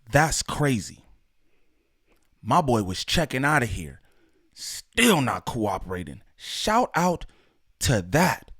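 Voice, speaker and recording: A man's voice: mid-range voice, no room sound, studio quality. A man hosting a reaction video, chatting casually and in slang, speaking straight to his viewers. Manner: animated, slangy, talks to viewers. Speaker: reaction channel host.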